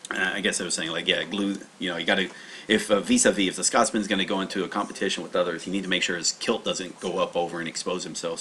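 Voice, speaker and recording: A man's voice: deep voice, sharp tone. A man teaching kanji on a livestream in a rambling, casual way, with many fillers and restarts. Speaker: language teacher. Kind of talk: livestreamed kanji study lesson.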